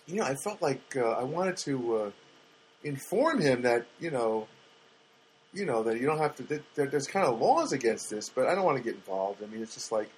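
Husky man ranting on a solo podcast. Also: mid-range voice, rough recording. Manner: rambling, ranting, many restarts. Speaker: podcast host. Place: home studio apartment.

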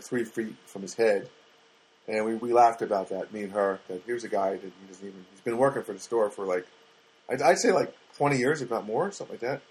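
A man's voice: mid-range voice, breathy edge, rough recording. A man hosting a solo podcast from his studio apartment, rambling and ranting with many restarts. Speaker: podcast host.

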